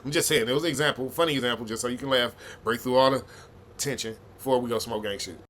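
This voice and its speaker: A man's voice: mid-range voice, fast talker, a bit bright, slight background noise. A man hosting a reaction video, giving blunt, profane, heated commentary.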